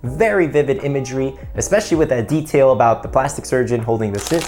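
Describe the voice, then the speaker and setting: A man's voice: medium pitch, quick pace, hardly any pauses, darkish tone, soft background music. Upbeat man coaching essay writing. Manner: upbeat, conversational explainer. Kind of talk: instructional video.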